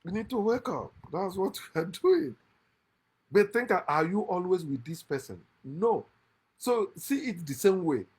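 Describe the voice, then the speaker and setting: Man hosting his own channel, emphatic lecturing monologue, raised pitch, bursts of laughter. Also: animated, a little slow, slightly rough. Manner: emphatic, lecturing, swings from loud outbursts to quiet asides; laughs often mid-speech. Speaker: channel host. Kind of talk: impassioned monologue against religion. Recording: lives in America.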